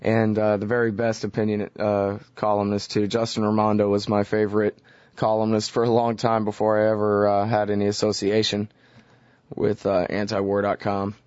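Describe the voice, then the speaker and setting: A man's voice: on the low side, completely flat delivery, moderate pace, darkish tone, dry recording, highs cut off. A man hosting a talk radio show alone, speaking casually and loosely with frequent "uh" fillers. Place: radio studio. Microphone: studio microphone.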